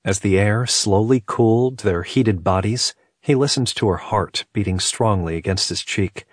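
Calm guy reading a romance audiobook, low husky voice, dry close sound. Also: normal speed, few pauses, dry recording. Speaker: audiobook narrator. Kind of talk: scripted narration of a romance novel.

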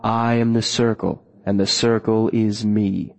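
A man voicing a calm, controlling older mayor who speaks slowly and with quiet command, in an audiobook reading. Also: fairly low pitch, gravelly, no echo. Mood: menacing calm. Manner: slow, measured, quietly commanding. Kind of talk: audiobook character voice.

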